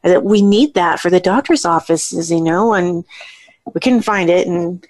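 A woman's voice: lowish voice, unhurried, darkish tone, poor audio. A woman chatting casually about family memories, with frequent restarts. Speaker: daughter of the family. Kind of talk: casual reminiscing.

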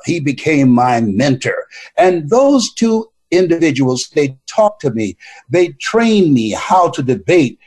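A man giving a motivational speech, telling stories with a preacher-like cadence and repeating words when excited. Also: fairly high pitch, takes it slowly. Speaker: motivational speaker.

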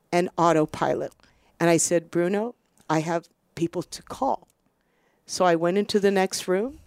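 Middle-aged American woman, doctor-host, reflective storyteller, low voice, dry close sound. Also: no room sound. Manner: earnest, reflective, quiet and halting. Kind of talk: personal storytelling monologue.

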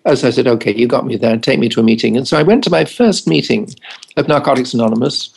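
An older English family doctor and addiction specialist tells wry anecdotes in an interview, acting out the dialogue. His mid-range voice is fast, creaky, husky and darkish in tone, captured on a low-quality recording.

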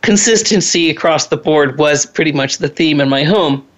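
A woman's voice: sits low, moderate pace. A woman in her sixties hosting a parenting talk, giving a conversational lecture with chatty asides and personal stories. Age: 60s. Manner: chatty, drifts into personal anecdotes and laughs at herself.

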